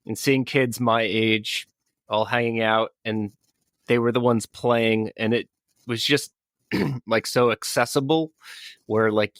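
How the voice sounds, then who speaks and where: A man's voice: medium pitch, fairly even intonation, slow pace, fairly bright tone, no echo. A man in his forties recalling his teenage years in a casual interview, loose and nostalgic, with many likes and you-knows. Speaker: band member.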